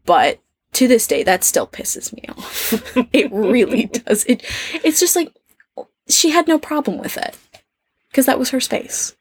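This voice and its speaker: A woman with an American accent, chatting casually as a podcast co-host in a camping trailer, animated, laughing often and acting out little quotes. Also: on the high side, a little slow, husky, no echo. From United States. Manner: animated and laughing, tells stories with mock quotes. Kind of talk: casual chat.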